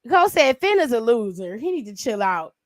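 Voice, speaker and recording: A woman's voice: on the high side, brisk, no room sound. A woman from Cleveland doing a casual, profane and sassy recap of a wrestling show. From Cleveland, USA. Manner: sassy, profane, animated storytelling. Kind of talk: casual commentary.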